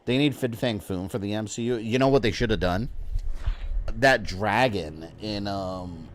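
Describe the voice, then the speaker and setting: There is slight background noise as a man from Florida, USA, chats casually during a gaming livestream, his voice on the low side and his pace measured. He rambles and throws in the odd swear word.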